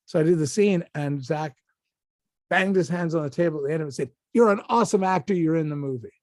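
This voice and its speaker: An older man tells stories as an interview guest, restarting his sentences and acting out what other people said. His voice sits a little high for a man. The recording is dry and close, with no room sound. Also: fast talker, dry recording. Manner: animated anecdotes with many restarts and acted-out quotes. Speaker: actor guest. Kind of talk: casual interview storytelling.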